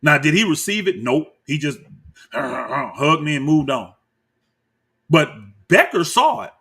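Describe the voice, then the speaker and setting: This man talks slowly, his voice a little high and slightly rough. Reacting to clips, he gives animated, combative commentary, singling people out by name and speaking directly to viewers as y'all.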